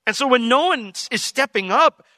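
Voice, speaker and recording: A male pastor with a bright, sharply forward voice preaches verse by verse in a dry, close sound. He swings freely up and down in pitch, slipping into casual modern talk to act out the people in the story and pausing to unpack what old words mean. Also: no echo. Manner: animated, acts out biblical characters in casual modern speech; explains word meanings conversationally. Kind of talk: expository sermon.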